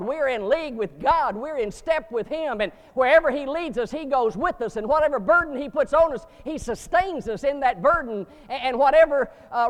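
A man preaching a sermon to seminary students, emphatic, with sudden rising bursts and slow stressed words. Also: extremely high pitch, big-room sound.

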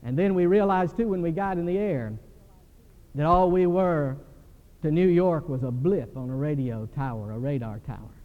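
An older man preaching a sermon in a church, animated and telling stories. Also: a little high, normal speed. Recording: dull recording with long hall reverb.

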